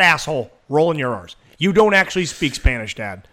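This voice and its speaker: A man co-hosting a casual podcast, swearing and ranting with animated energy. His voice sits a bit high for a man. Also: a little fast, few pauses. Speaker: podcast co-host. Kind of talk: casual chat.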